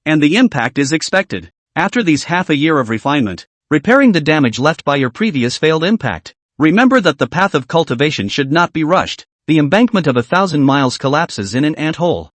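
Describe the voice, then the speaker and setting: Man, fantasy narrator, lively animated pitch, dry sound. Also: brisk, hardly any pauses, dry recording. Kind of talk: scripted narration of a fantasy novel.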